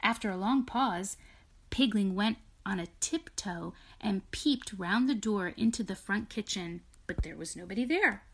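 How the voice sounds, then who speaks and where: A woman reading a children's storybook aloud with long pauses, stopping to explain the story in casual chat. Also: medium pitch, expressive, fairly bright tone, slight background noise.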